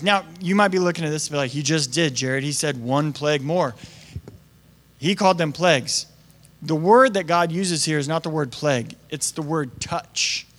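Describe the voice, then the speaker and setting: Young guy pastor, kinda high voice, chatty sermon, acts out the quotes, echoey church hall. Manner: conversational, animated, acts out quotes with big pitch swings. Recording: long hall reverb.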